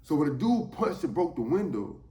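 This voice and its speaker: A man telling a story from his time in jail, animated and emphatic, often asking "you know what I'm saying". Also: fairly high pitch, normal speed, echoey room, slight background noise. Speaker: storyteller, former inmate. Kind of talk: casual spoken storytelling.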